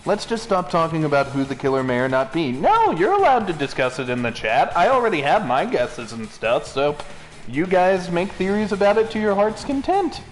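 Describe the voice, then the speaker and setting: A man's voice: high voice, sing-song, normal speed, faint music behind. A man hosting a let's play, making casual, teasing commentary with joking asides.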